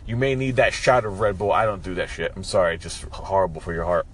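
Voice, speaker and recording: A man's voice: sits low, quick pace, a bit bright. A man hosting his own podcast, with a froggy morning voice, giving a joking, profane morning pep talk. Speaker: podcast host.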